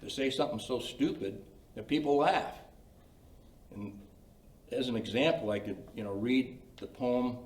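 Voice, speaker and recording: A mid-range, somewhat dark voice belongs to an older man teaching a creative writing workshop at the library. He talks a little slowly, pausing often, and fills his informal, anecdote-rich lecture with folksy chatter and many "you know"s. The mic is distant, so the meeting room sounds roomy.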